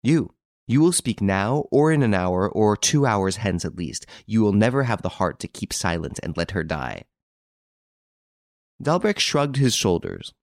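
A man narrating a classic detective story in an even, measured reading, voicing the dialogue lightly. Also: on the low side, no room sound, studio quality. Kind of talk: scripted audiobook narration.

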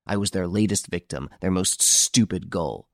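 A man voicing a proud, irritable gentleman thief in an audiobook, given to mocking, indignant outbursts. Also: deep voice, normal speed, dry recording, clean studio sound. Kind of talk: audiobook character reading.

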